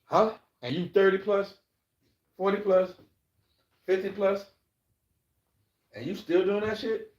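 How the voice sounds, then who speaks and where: A man on a livestream podcast, lecturing listeners on being yourself in a blunt, swearing, preachy way. He loops back over his points again and again. His voice sits a little high for a man, and the room around him is echoey. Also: takes it slowly, pauses often, highs cut off. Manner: blunt, profane, preachy, repeats himself. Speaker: podcast host. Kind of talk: livestream monologue giving life advice.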